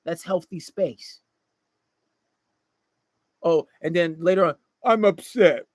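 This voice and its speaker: A man's voice: fairly high pitch, fairly even intonation, slow pace, no room sound. A man delivering a blunt, profane dating-advice monologue to male listeners, often mocking the people he quotes.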